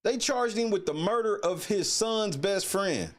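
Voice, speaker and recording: A man hosts a casual live stream. He rants loosely and profanely and breaks off to greet chatters. His voice sits fairly high and swings widely in pitch. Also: a little slow. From Indiana. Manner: profane, animated ranting; greets chatters mid-rant. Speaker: livestream host.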